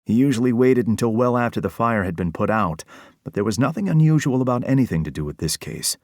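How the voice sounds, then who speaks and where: A man narrating a crime novel audiobook in a steady, even reading. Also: medium pitch, fast talker, no echo, clean studio sound.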